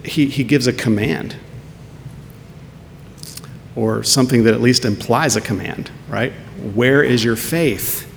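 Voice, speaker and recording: A man's voice: measured pace, creaky, pauses often. A man preaching a sermon as pastor, earnest and full of rhetorical questions. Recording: long hall reverb with faint rumble.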